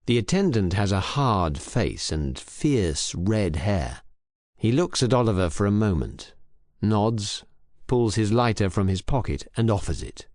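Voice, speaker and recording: Man reading a crime audiobook, clear and measured, dry close sound. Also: on the low side, very animated, a little mellow, no room sound. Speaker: audiobook reader. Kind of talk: scripted narration for English learners.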